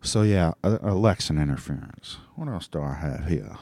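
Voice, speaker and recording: A man's voice: extremely low pitch, animated, normal speed, mellow, no echo. A man hosting a solo talk show, rambling in a loose, profane monologue full of restarts and fillers. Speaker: podcast host.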